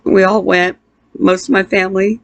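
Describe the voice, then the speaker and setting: A middle-aged woman tells a painful personal story, halting and emotional, with restarts and pauses. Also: mid-range voice, little pitch movement, no room sound. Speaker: interviewee.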